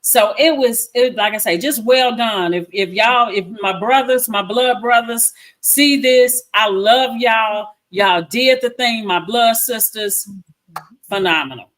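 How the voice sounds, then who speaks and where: A woman's voice: a little high, unhurried, a bit bright. A woman, chatting effusively as a filmmaker guest and repeating herself for emphasis. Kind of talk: casual interview chat.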